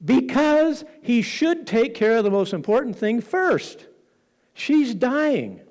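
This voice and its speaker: Slow dramatic preacher guy in church, voice bounces all over, acts out the quotes. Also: extremely high pitch, sing-song, a little mellow. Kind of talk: sermon storytelling.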